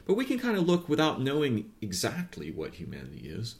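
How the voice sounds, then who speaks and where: A man's voice: medium pitch, wildly swooping pitch, fairly quick. A man speaking in a musing, digressive improvised monologue, full of fillers and tag questions like "right?" and "yeah?". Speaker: philosophical speaker. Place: outdoors or near a neighbor's noisy machine.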